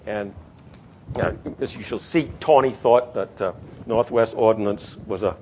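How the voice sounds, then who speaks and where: A man giving a classroom history lecture, halting and repeating words, pausing to stress key terms as he reads a passage aloud. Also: on the low side, dark tone, a little hiss or hum.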